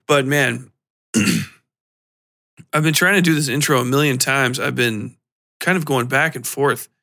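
A man's voice: mid-range voice, takes it slowly, vocal fry, long pauses, pushed and bright, dry recording, clean studio sound. A man hosting his own podcast, chatting off the cuff with fillers and small laughs. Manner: rambling, with fillers and self-conscious laughs. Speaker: podcast host and author.

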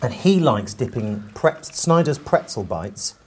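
A man co-hosting a podcast in casual chat, with quick, joking banter. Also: medium pitch, big pitch swings, darkish tone, slight background noise. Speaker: podcast co-host.

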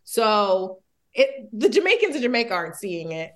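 A woman's voice: medium pitch, sing-song, moderate pace, fairly bright tone. A young woman, a comedy writer, chatting casually as a podcast guest, talking things through thoughtfully and laughing now and then. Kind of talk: casual chat.

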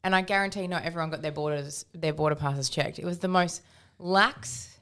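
An Australian woman co-hosting a casual radio chat, telling animated stories. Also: low-pitched, fairly quick. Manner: chatty, animated storytelling.

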